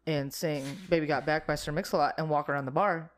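A young man trades joking, profane banter on a casual podcast. His voice sits a little higher than most men's. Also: steady tone, quick pace. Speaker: podcast co-host. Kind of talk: casual chat.

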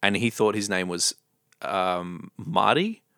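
A man chatting casually and joking, quick to laugh. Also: lowish voice, gravelly, sharp tone, no room sound, studio quality. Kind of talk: casual chat.

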